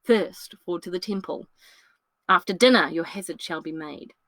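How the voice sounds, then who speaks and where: A woman reading the part of a courteous young noble heiress in a solo reading of a classic play, speaking measured verse. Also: on the low side, a bit bright, dry recording, pitched below the performer's own voice, close to an everyday voice.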